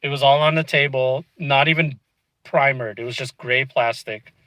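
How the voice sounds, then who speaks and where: A man sits in his car telling a story straight to camera, chatty and exasperated, and says "dude" a lot. His voice is bright and forward, with a middling pitch. The sound is dry and close, with no room echo. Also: fairly even intonation, normal speed. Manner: chatty, frustrated, peppered with "dude" and "you know what I mean". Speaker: vlogger. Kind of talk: casual storytelling. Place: inside a car.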